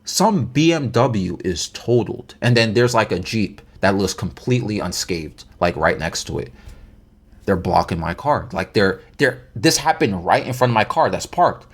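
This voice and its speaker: A man's voice: fairly low pitch, lively intonation, normal speed, husky. Guy doing a storytime, rambly and slangy, keeps restarting words, voice jumps around a lot. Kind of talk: casual story time.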